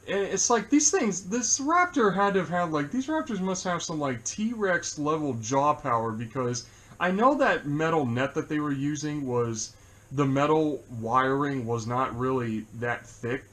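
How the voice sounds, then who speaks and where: Male co-host for a casual movie chat, rambling and quick to laugh. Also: fairly high pitch, fairly bright tone. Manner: rambling, laughs often, many fillers.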